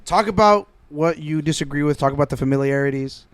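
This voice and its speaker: A man's voice: a little high, fast talker. A man hosting a podcast who wraps up the episode in a casual, loose way, with plenty of filler words. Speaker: podcast host and DJ. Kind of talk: casual chat.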